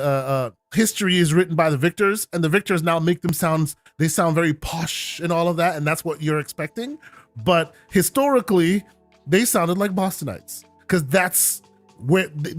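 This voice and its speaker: A man's voice: a little high, no echo. Chatty man on a dry podcast mic. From United States. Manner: chatty, explains at length with many fillers. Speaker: podcast co-host. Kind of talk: casual gaming podcast chat.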